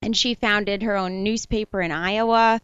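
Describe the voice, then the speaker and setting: A woman from the Boston area, a comedian guest chatting casually in an interview, quick and laughing. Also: mid-range voice, fairly even intonation, fairly bright tone, smooth, no echo, highs cut off.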